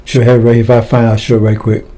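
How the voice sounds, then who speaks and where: A man's voice: mid-range voice, little pitch movement, racing, warm tone. A man preaching a fiery sermon, blunt and impassioned, firing rhetorical questions at his listeners.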